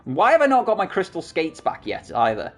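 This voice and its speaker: A chatty man commenting on a game as he plays, mocking himself as he goes. His voice sits fairly high and swings around a lot. Faint game music plays behind him, close on a desktop mic. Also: wildly swooping pitch, brisk. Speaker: gaming channel host. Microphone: desktop USB microphone.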